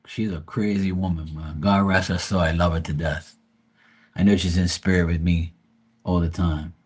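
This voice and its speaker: This livestream host is a middle-aged man whose voice sits low and slightly rough. Profane and rambling, he chats casually through family stories, animatedly quoting his relatives.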